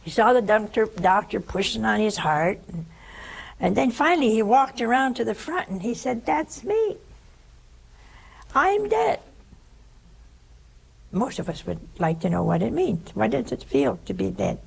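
An older woman preaches in a storytelling sermon, her voice gravelly and a little husky. She acts out the people in her story and now and then sinks to a hushed whisper. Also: mid-range voice, normal speed, rough recording. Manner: animated storytelling, acting out voices, dropping to whispers. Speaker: religious sister giving a talk.

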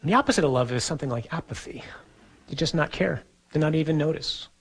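A middle-aged priest giving a sermon in an earnest, conversational storytelling manner, with casual asides. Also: male voice, on the high side, expressive, fast, vocal fry, slightly rough, low-quality recording.

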